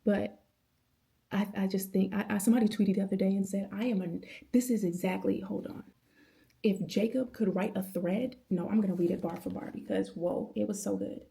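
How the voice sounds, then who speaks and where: A woman's voice: mid-range voice, fairly even intonation, fairly quick, gravelly, warm tone. A woman in her thirties talking to camera at home in a casual, passionate, rambling late-night Bible chat, using slang and calling viewers y'all. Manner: passionate, rambling, with many restarts and laughs. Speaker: vlogger. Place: at home indoors.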